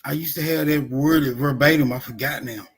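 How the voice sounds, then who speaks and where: A man's voice: fairly high pitch, steady tone, moderate pace, slightly rough. Loose, profane livestream host man. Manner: loose, profane, teasing banter. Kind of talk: casual livestream chat.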